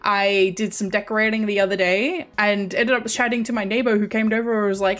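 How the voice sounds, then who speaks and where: A woman with a light Australian accent chats casually to her stream viewers. She rambles, often restarting and correcting herself mid-sentence, at a mid pitch. Faint music plays behind her. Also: steady tone, normal speed, fairly bright tone.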